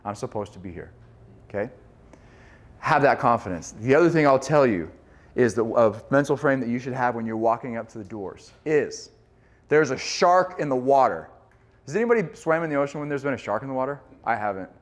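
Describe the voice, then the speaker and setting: A man giving a sales training talk to a group, energetic and acting out lines he would say at the door. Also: brisk. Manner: energetic, acts out door pitches and yelling.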